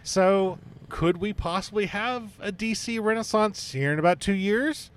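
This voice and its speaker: A man co-hosting a chatty podcast, his voice sitting a bit high. He talks in an animated, jokey way and acts out little bits of dialogue as he goes. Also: measured pace. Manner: animated, jokey, plays out voices mid-story. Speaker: podcast co-host. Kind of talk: casual chat.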